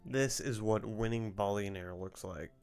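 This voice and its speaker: A young adult man streaming live, chatting casually about work and then reacting loudly while gaming, with frequent swearing. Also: on the low side, unhurried, noisy background.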